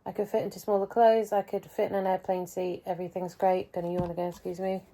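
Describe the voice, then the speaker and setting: A woman vlogging a casual weekly update, rambling and hesitant, often pausing and mocking herself. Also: lowish voice, flat delivery, dark tone. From England.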